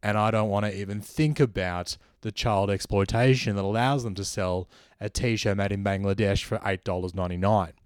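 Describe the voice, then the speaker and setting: A man's voice: fairly low pitch, fairly even intonation, moderate pace, a little mellow, clean tone, no room sound, clean studio sound. A man with an Australian accent, hosting a satirical comedy podcast monologue in a sardonic, ranting manner. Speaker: comedian host.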